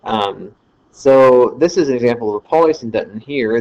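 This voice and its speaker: In a slightly dull lo-fi screen recording, a man delivers a casual lecture, rambling a bit with fillers and fixing his own slips as he goes. His voice is mid-range, a touch mellow, and his pace is brisk.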